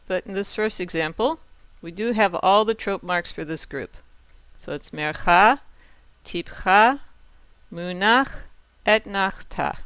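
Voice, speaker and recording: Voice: mid-range voice, fairly bright tone, clear, resonant tone, no room sound. A patient teacher explaining Torah cantillation step by step and chanting each example aloud. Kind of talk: step-by-step lesson with sung examples.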